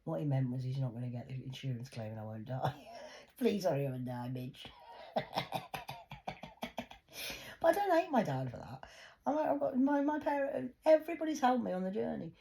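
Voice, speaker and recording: A woman's voice: low voice, big pitch swings, fast talker, creaky, dark tone. A woman, talking in a rambling, sweary, casual monologue. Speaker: host.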